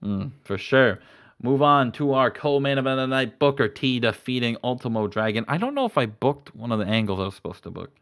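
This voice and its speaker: A man's voice: mid-range voice, lively intonation, a little fast, a bit bright. A young man hosting, casually recapping a wrestling booking game in a rambling, profane way. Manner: rambling, profane, retells storylines. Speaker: host.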